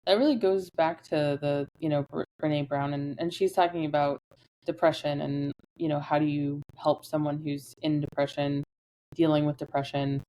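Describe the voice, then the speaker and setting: A man's voice: fairly high pitch, fairly even intonation, moderate pace, warm tone, slight background noise, rough recording. A man hosting an interview, mostly offering short supportive affirmations. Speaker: podcast host. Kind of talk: interview conversation.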